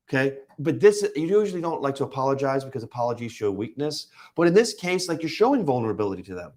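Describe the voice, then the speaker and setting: Man, sales coach, emphatic, acts out calls, mid-pitched voice. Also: sing-song, quick pace, hardly any pauses, a little mellow. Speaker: Medicare sales trainer. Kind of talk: panel discussion.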